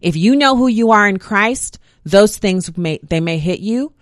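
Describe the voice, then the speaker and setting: A woman delivering a faith-based monologue, reciting scripture verses one after another in a steady, emphatic cadence. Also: mid-range voice, unhurried, no echo, clean studio sound.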